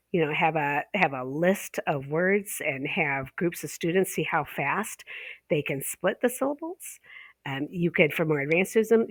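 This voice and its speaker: Low-pitched woman, ESL pronunciation instructor, casual teaching talk, dry close sound. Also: no room sound. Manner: casual, fillers, drawn-out example words.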